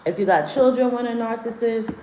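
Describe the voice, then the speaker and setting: A woman's voice: on the high side, fairly quick, darkish tone. A woman hosting a livestream with card readings, talking bluntly and with lots of cursing, often calling out her chat. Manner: blunt, profane, rants at chat. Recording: roomy echo, faint noise.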